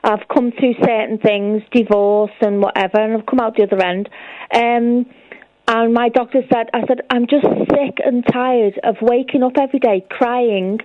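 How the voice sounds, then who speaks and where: A woman's voice: fairly high pitch, fairly even intonation, normal speed, no room sound, lo-fi sound. A woman calling in to a radio show, chatting away and recounting conversations. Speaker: caller. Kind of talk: phone-in chat.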